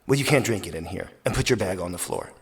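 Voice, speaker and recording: A man's voice: low-pitched, lively intonation, fast, husky, heavily acted. A man quoting a rude, irritable male rideshare driver who snaps and hurls insults. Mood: irritated. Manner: snapping and insulting.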